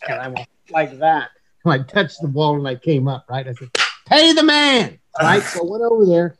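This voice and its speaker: A man's voice: a little high, fairly quick, noisy background. Rambling, swearing middle-aged male storyteller. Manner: animated, rambling, profane anecdote-teller. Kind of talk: casual storytelling chat.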